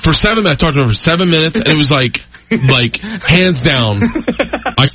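A man guesting on a podcast, telling rambling, excitable stories with frequent laughter in casual chat. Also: on the high side, normal speed, background noise. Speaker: comedian guest.

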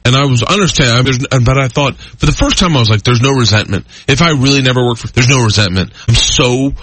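A man guesting on a podcast, telling rambling, excitable stories with frequent laughter in casual chat. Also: mid-range voice, fast, breathy edge, no room sound. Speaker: comedian guest.

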